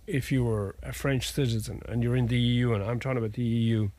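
A man's voice: medium pitch, steady tone, fast talker, darkish tone. Irish man explaining law, rambling. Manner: rambling, restarts, folksy asides. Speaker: family lawyer guest. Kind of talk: conversational legal explanation.

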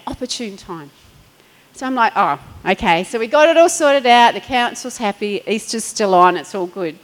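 A woman's voice: mid-range voice, poor audio. A middle-aged woman pastor, preaching in a chatty storytelling way, laughing and acting out quotes. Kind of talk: sermon.

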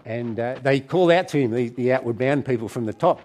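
A middle-aged man preaching a sermon to a church gathering, conversational and warm in tone, with frequent restarts. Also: medium pitch, fairly quick.

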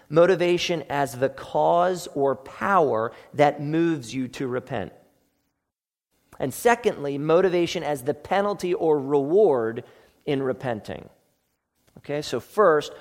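Male pastor, sermon; earnest, emphatic, higher voice, echoey hall.

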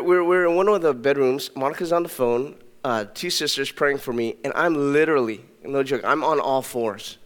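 A young adult male pastor telling a personal story in a sermon, animated and conversational, with many restarts. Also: fairly high pitch, smooth. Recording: long hall reverb.

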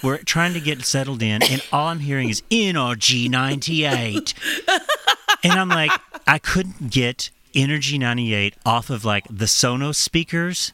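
A man casually telling a profane, animated story on a podcast, laughing as he goes. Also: medium pitch, normal speed, hardly any pauses, dry recording.

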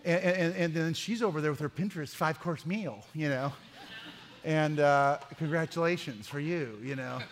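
A man, a pastor, giving a humorous sermon with lively stories, acting out the dialogue. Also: a little high, normal speed, long reverb tail. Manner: animated, acts out dialogue in the stories. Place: church.

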